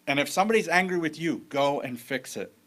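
A man's voice: on the high side, lively intonation, a little fast, fairly bright tone. A man preaching a sermon as pastor, in a conversational storytelling way with frequent restarts.

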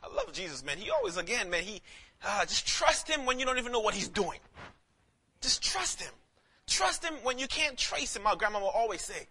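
A male pastor preaching a casual, animated sermon, swinging from shouts to hushed lines and calling listeners man. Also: high-pitched, normal speed. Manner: casual street talk, calls listeners man.

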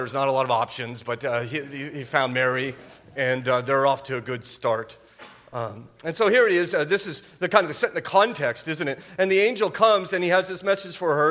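A man's voice: a little high, a bit bright. Conversational man preaching a sermon. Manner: conversational preaching with rhetorical questions and frequent restarts. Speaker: pastor.

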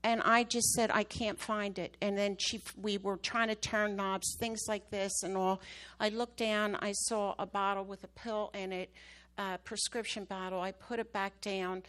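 A woman's voice: mid-range voice, little pitch movement, moderate pace, a bit bright. A woman preaching to her church, telling a story with emphatic, rising bursts at the key moments. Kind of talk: sermon testimony.

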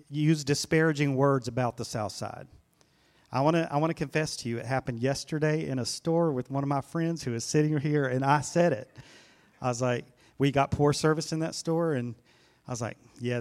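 A pastor preaching a sermon to his church, talking in an earnest, conversational way and often repeating a phrase for weight. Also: on the high side. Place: church sanctuary.

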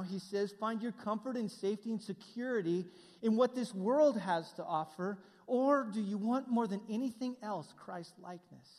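A man's voice: extremely high pitch, in a large hall. A middle-aged male pastor preaching a sermon in a conversational way, with asides to the congregation.

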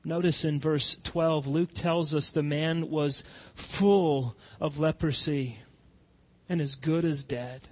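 Slow, high-voiced impassioned male preacher. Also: steady tone. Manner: impassioned preaching, rising to loud cries then dropping soft. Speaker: pastor. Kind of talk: sermon.

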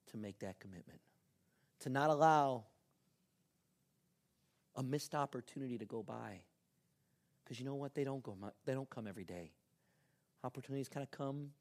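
A man preaching a sermon as pastor, telling a story with lively ups and downs and soft, earnest appeals. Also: medium pitch.

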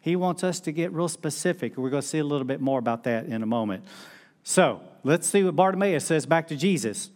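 Storytelling pastor, a touch high. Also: male voice, lively intonation, fairly quick, darkish tone. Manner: conversational storytelling with laughs and acted-out quotes. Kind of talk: sermon.

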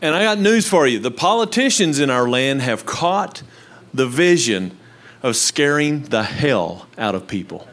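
An older man preaching a sermon to his congregation on a handheld microphone. He swings from low, quiet asides to loud, emphatic lines. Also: sing-song, measured pace, few pauses. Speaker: pastor. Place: church with live congregation.

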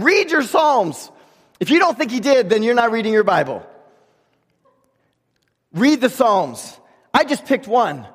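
A man preaching from the pulpit with a high, ringing voice that carries through a large hall's long reverb. He builds to shouted declarations of belief, then drops suddenly to a near hush. His sermon has a personal, fervent edge. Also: slightly rough. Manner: impassioned, sometimes shouting, dropping to a hush. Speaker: pastor.

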